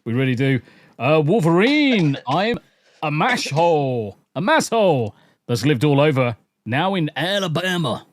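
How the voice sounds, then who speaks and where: A man's voice: on the high side, big pitch swings, measured pace, a little hiss or hum. A man from the English Midlands hosting a podcast, his accent a blend of Southern, Northern, Midlands and Essex, chatting casually, swearing now and then and repeating his phrases. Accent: mixed English, part Southern, Northern, Midlands and Essex. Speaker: podcast host.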